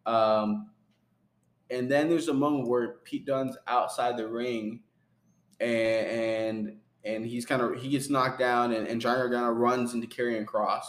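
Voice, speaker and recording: Young male podcast co-host, mid-pitched, rambling play-by-play wrestling recap, recorded in an echoey room. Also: little pitch movement, a little slow. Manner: rambling play-by-play, many fillers and laughs. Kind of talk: casual chat. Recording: roomy echo.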